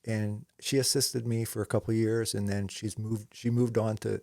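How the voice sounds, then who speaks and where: Gravelly man telling rambling work stories. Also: fairly low pitch, little pitch movement, normal speed, darkish tone, no echo, studio quality. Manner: rambling storyteller with many "you know"s and restarts. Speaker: commercial photographer, co-host. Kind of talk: casual conversation.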